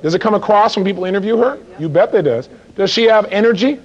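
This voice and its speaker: A man's voice: sits high, animated, quick pace. A man giving a live motivational seminar who acts out little dialogues and fires rhetorical questions at the audience. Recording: dull lo-fi recording.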